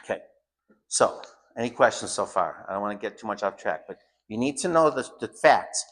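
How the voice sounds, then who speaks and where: A man's voice: fairly low pitch, sing-song, a little fast, creaky, a bit bright. Blunt, emphatic man teaching a class. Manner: emphatic, blunt, repeats phrases for stress. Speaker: home school teacher. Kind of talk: informal lecture to students.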